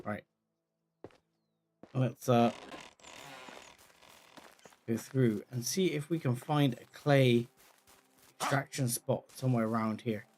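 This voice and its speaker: A man giving let's play commentary, chatting calmly and then yelling in panic. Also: mid-range voice, slow pace, long pauses. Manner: excitable, swings from calm chatter to yelling in panic. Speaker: gaming video creator.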